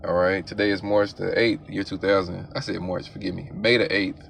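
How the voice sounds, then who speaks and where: A man with a very deep, level voice delivers a formal religious address. He speaks in a steady monotone and recites his ceremonial greetings carefully. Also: normal speed, creaky, slight background noise.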